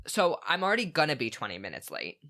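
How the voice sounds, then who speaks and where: A man co-hosting a casual podcast, recounting a story with animated energy. His voice is bright and forward. He leans on lots of "like" fillers. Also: a little high, quick pace. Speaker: podcast co-host.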